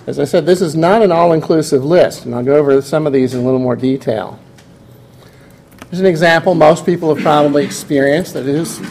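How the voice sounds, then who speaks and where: A man, lecturing a class and stopping now and then to put questions to the room. His voice sits a little high. Faint room hum runs underneath. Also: darkish tone. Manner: explanatory, asks the class questions.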